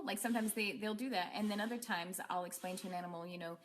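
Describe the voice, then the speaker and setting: A woman's voice: medium pitch, quick pace, few pauses, a little hiss or hum. A woman teaching a casual online class as an animal communicator, rambling along with many fillers and restarts.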